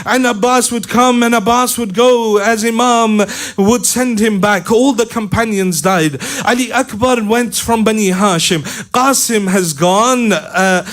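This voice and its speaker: A man preacher telling a mournful story in a sermon, slow and chanting, at times half-sung. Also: high-pitched, fairly bright tone.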